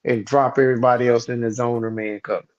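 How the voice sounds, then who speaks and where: A man's voice: mid-range voice, flat delivery, quick pace, dull audio. A man co-hosting a casual sports podcast, venting heatedly as a fan and swearing freely. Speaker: podcast co-host.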